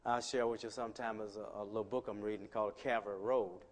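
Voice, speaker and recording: A man preaching a sermon as pastor, conversational with restarts, swinging from quiet asides to loud emphatic lines. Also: fairly low pitch, steady tone, quick pace. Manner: conversational, many restarts and "you know". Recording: long hall reverb.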